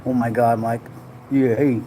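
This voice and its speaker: A man's voice: mid-range voice, level tone, measured pace, mellow, a little hiss or hum. A man from Rhode Island hosting a casual livestream, rambling and joking as he reads chat comments aloud. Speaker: livestream host. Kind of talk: casual live-stream chat. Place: home room in the Philippines.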